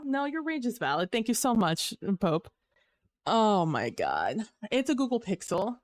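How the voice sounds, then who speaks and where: A woman streamer chatting casually to her audience, complaining dramatically with drawn-out groans and exasperated sighs. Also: a little high, wildly swooping pitch. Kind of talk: casual live-stream chat.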